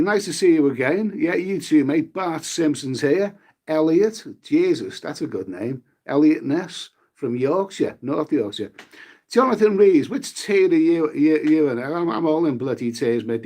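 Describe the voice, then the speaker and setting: A middle-aged man, talking on a casual live stream at home. His voice sits a little high for a man, and he rambles along, reading the chat, repeating himself and swearing offhandedly. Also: darkish tone.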